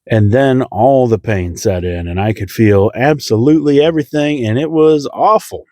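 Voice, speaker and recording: Self-mocking storytelling man, mellow dry voice. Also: lively intonation, normal speed, hardly any pauses, no room sound. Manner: self-deprecating, acts out voices with big pitch jumps. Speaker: comedian telling a story. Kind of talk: comedic storytelling.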